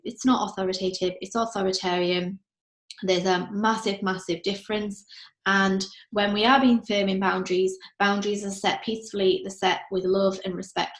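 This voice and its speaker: A woman's voice: mid-range voice, steady tone, moderate pace, fairly bright tone. A woman, a parent coach, giving earnest commentary on show clips and acting out what a parent might say. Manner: earnest, acts out parent and child voices in quotes. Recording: echoey room.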